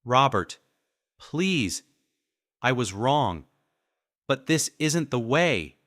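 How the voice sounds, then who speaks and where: A woman's voice: big pitch swings, drawn-out words, a bit bright, no room sound, clean studio sound, full character voice. A man voicing a crying wife who begs her husband in a storybook reading. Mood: pleading. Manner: desperate high pleading. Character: sobbing pleading adult wife.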